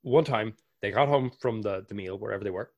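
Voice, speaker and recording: A man with an Irish accent chatting casually on a podcast, telling stories and slipping into animated impressions. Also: on the low side, fairly quick, no room sound, muffled recording. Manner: animated storyteller, bursts into lively impressions. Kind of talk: casual conversation.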